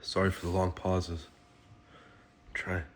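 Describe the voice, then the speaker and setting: A man vlogging casually, breathy and halting, with long pauses and a congested, sniffly sound. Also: low voice, monotone, very noisy. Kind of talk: casual talk to camera.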